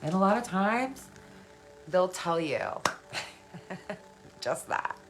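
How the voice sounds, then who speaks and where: A woman's voice: fairly low pitch, lively intonation, drawn-out words, music in the background, low-quality recording. A woman talking casually on a live stream, answering viewer comments in an earnest, encouraging way, laughing often and repeating phrases for emphasis. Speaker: spiritual self-help live streamer.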